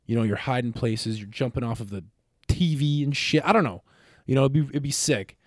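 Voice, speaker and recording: A man co-hosting a casual podcast, bantering with lots of swearing and excitable outbursts. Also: mid-range voice, fairly quick, dry recording, clean studio sound. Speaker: podcast co-host. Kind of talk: casual chat.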